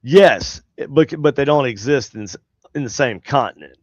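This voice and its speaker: A podcast co-host trades casual banter in a medium-pitched voice with lively intonation at a moderate pace. He's argumentative, swears a lot and stumbles over his words, wearing headphones, with lo-fi sound and no echo.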